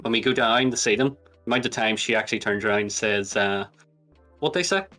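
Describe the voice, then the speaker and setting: A man's voice: on the low side, fairly even intonation, fast talker, pushed and bright, faint music behind. A man, chatting as a guest, hedging teasingly and laughing often. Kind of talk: casual chat.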